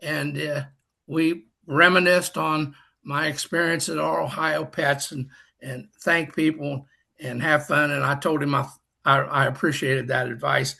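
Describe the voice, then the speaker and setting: A man's voice: a little high, flat delivery, unhurried, creaky, pushed and bright. An older man and past district governor, telling folksy, self-deprecating stories with dry humor on a group video call. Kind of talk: storytelling talk on a group call.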